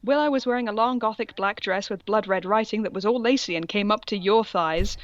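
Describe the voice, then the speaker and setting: A woman's voice: mid-range voice, a little fast, dull audio, a little hiss or hum. A woman co-hosting a podcast, reading a story aloud for laughs and breaking off to joke and giggle. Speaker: podcast co-host. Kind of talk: comic reading and reaction chat.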